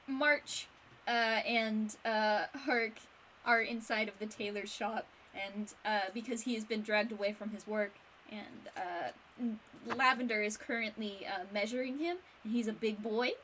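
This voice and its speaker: A woman acting as game master, narrating the scene in a halting way with many fillers. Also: on the high side, fairly even intonation, sharp tone, slight background noise, poor audio.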